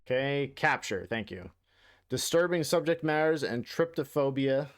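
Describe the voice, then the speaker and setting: A man's voice: medium pitch, lively intonation, moderate pace. Man, game streamer, casual commentary, profane, joking, rambling, desk mic.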